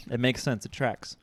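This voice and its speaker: A man co-hosting a live stream, joking around and reading viewer comments aloud in a casual way. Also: medium pitch.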